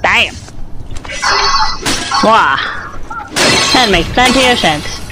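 Giggly, slow-talking woman gamer. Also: fairly high pitch, sing-song, noisy background. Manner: giggly, exclamatory. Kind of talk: let's play commentary.

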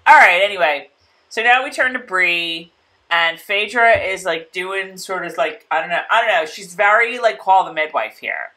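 A woman's voice: fairly low pitch, expressive, normal speed, sharp tone. A woman co-hosting a casual show recap, chatty and full of "like" and laughter. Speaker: podcast co-host.

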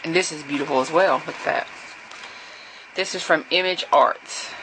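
A woman's voice: deep voice, moderate pace, noisy background. A woman, chatting casually to camera in a rambling way, with fillers and restarts. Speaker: vlogger.

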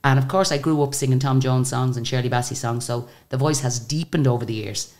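Very deep-voiced Irish woman storyteller. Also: a little fast. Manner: lively anecdotes with laughter. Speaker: singer and guest. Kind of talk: casual storytelling interview.

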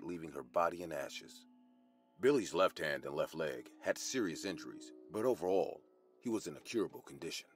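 A man telling a first-person horror story as scripted, expressive narration. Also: deep voice.

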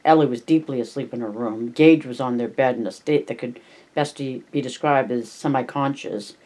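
A man reading a novel aloud slowly and deliberately, with small slips, restarts and personal asides. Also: medium pitch, darkish tone. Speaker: audiobook reader.

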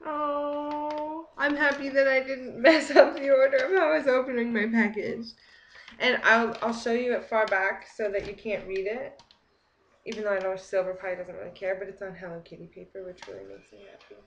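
A young woman chatting excitedly while opening a gift package, gasping and gushing over each item. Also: on the high side, moderate pace, highs cut off, a little hiss or hum. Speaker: beauty vlogger. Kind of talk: excited unboxing chat. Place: home kitchen.

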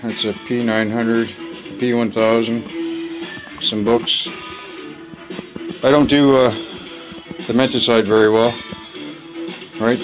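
A man vlogging to his viewers in a rambling, profane monologue, full of fillers and quick apologies. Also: mid-range voice, level tone, poor audio. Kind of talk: casual rambling monologue to camera. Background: background music.

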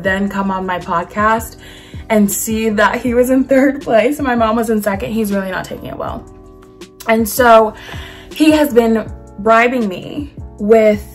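A young woman in her twenties hosting her own podcast, talking casually to camera in a chatty, animated way with lots of fillers. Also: mid-range voice. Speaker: podcast host. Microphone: camera mic.

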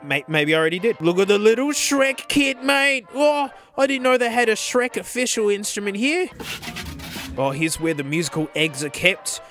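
A high-pitched Australian man talking excitedly as he strolls through a music store. He gushes and drops "mate" constantly, with faint music playing behind him. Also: moderate pace. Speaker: vlog host. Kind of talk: casual walkaround vlog. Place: indoor music store, walking around.

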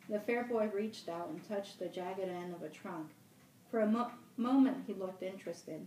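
A woman reads a novel aloud at a steady, measured pace, in a middling voice. The room is roomy and she sits back from the mic, with faint ambience behind. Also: fairly low pitch, recorded from a distance, a little hiss or hum. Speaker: library director.

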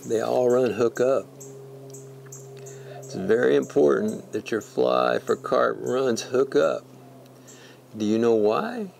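A man's voice: mid-range voice, slow pace, gravelly, pauses often, a little mellow, slight background noise. A man giving a casual, folksy fly-fishing tutorial, emphatic and repeating words for stress. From Texas.

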